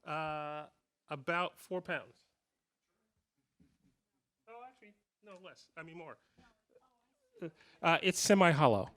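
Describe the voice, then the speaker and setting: Fifties male guitarist with a slightly high voice, easygoing and jokey, telling stories live to a clinic crowd. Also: slow, long pauses. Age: 50s. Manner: animated, jokey anecdotes with frequent laughs. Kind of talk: casual storytelling to a live audience.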